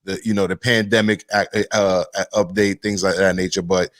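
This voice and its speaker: A man's voice: low voice, level tone, moderate pace, fairly bright tone, no room sound. A man hosting a casual podcast chat, easygoing, moving between segments and reading viewer comments. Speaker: host.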